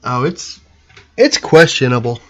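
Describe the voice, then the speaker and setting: A man's voice: mid-range voice, big pitch swings, measured pace, fairly bright tone. A man hosting a casual livestream, chatty and giggly, trailing off and laughing as he talks. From Texas. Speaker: livestream host. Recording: lo-fi stream audio.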